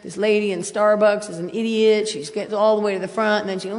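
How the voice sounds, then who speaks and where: A middle-aged woman speaking at a recovery convention, blunt and self-mocking, swinging between quiet and loud. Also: mid-range voice, fairly quick, a little hiss or hum. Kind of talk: personal share at a convention. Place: large hotel ballroom. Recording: hall reverb from a convention room.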